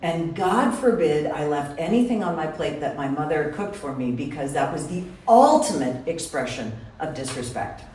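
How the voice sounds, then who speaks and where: A woman telling a personal story to a live audience in a lively, chatty way, often speaking to the crowd directly. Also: sits low, normal speed, hardly any pauses. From Wisconsin. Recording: roomy hall from far off, faint room noise.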